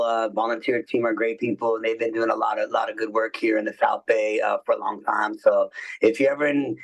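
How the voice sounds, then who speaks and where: A man speaking in an easygoing, slangy way, laughing often as he chats on a podcast. His voice sits at an ordinary pitch. He is recorded from some distance, so he sounds set back from the mic. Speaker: guest musician. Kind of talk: casual podcast interview chat.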